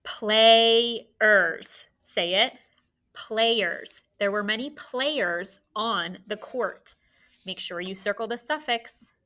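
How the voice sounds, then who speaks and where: A woman's voice: medium pitch, slow, bright, forceful tone. A woman teaching a phonics lesson, patiently dictating words and sounds and encouraging young students.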